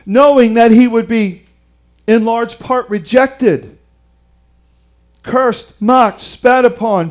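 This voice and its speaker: A man preaches in a high voice at an unhurried pace. He reads scripture aloud and retells it dramatically, his delivery swinging from quiet to loud for emphasis. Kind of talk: sermon.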